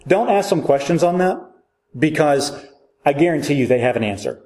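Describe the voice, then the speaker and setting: A man's voice: mid-range voice, big pitch swings, moderate pace, a little mellow. A man teaching a church Bible class in a casual, joking way, asking his listeners questions as he goes. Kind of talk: conversational Bible class lecture.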